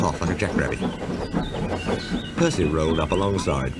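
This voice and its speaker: A man narrating a children's story in an expressive, lively manner, with loud music underneath. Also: a bass voice, normal speed, long pauses, heavy background noise.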